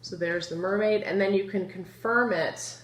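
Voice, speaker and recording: A woman teaching young children a phonics lesson, slowly drawing out word sounds and asking the class questions. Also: mid-range voice. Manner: slow, drawn-out sounding of words; lively, encouraging, asks the children questions. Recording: echoey room with faint noise.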